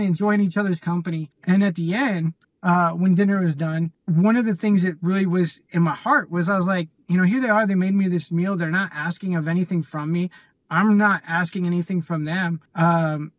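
A man, a podcast guest, telling a personal story in an earnest, halting way with fillers and restarts. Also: high voice, dry recording. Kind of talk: casual storytelling.

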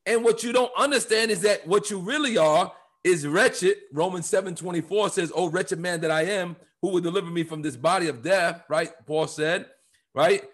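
Male co-host, emphatic preacher, animated, sits a little high in pitch. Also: normal speed. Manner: emphatic, animated, quotes scripture with rising fervor. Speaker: co-host of a church podcast. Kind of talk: preaching conversational Bible talk.

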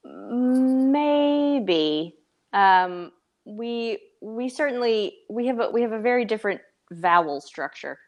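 On a muffled recording, a Tennessee woman with a light Southern accent co-hosts a podcast at normal speed and medium pitch. She chats casually and readily falls back on fillers like "like" and "um."

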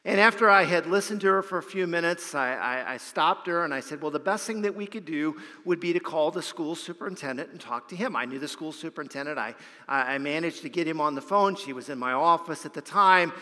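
A man's voice: on the high side, fairly quick, hardly any pauses, bright, forceful tone. A man, a pastor, preaching a sermon and telling a story, often repeating a word as he starts a phrase. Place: church sanctuary. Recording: long hall reverb.

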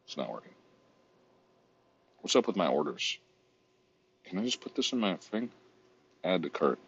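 A man's voice: low voice, sing-song, normal speed, a bit bright, breathy edge, dull audio. A man vlogging in a casual, rambling, profane way while browsing online, often mocking himself.

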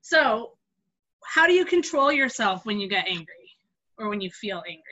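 An adult woman telling a Bible story to kids and leading a group talk, acting out the characters with a lively voice. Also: mid-range voice, normal speed, rough recording. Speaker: youth group leader.

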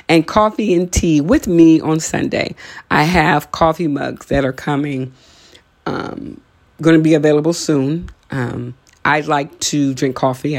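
A podcast host giving a motivational talk, urging listeners on with emphatic, repeated lines and the odd joking aside. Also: male voice, a little high. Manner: emphatic, repetitive exhortations.

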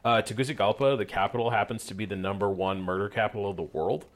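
A man's voice: on the low side, fairly even intonation, fast. A young man co-hosting a casual podcast, rambling and self-deprecating with many fillers. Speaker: podcast co-host.

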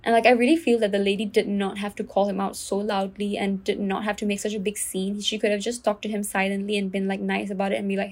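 Talking straight to her listeners on her own podcast, a young Singaporean woman speaks quickly in a level, slightly mellow mid-range voice, her Singaporean English accent easy to pick out. Her casual storytelling is earnest and full of fillers, likes, and restarts.

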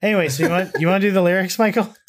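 A man's voice: high voice, rapid-fire, a crowd in the background. A man co-hosting a podcast in casual chat, rambling with restarts and laughing easily. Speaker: podcast co-host.

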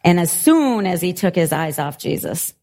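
A middle-aged woman preaching a sermon and telling a story in an animated, laughing way. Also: lowish voice, normal speed. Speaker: pastor.

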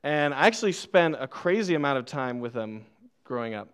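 A man's voice: medium pitch, expressive, brisk, fairly bright tone, clear, resonant tone. A young man preaching a sermon, telling a funny childhood story and laughing often at himself before turning to scripture. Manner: playful, laughs often, self-deprecating. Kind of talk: sermon with personal stories. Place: church.

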